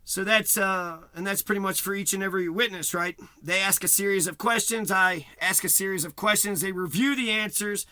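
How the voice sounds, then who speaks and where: A man's voice: high-pitched, a little fast, few pauses, bright, forceful tone, dry recording. A man delivering a profane, agitated rant to camera, repeating himself and swearing heavily. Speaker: vlogger.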